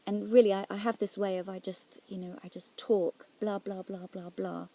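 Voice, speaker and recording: A woman with a soft, gravelly voice speaks half in a whisper, at medium pitch and in a level tone. She is a Christian offering a reflective personal testimony about a prayer experience, talking gently, often sinking to near-whispers, and halting, searching, and restarting as she goes.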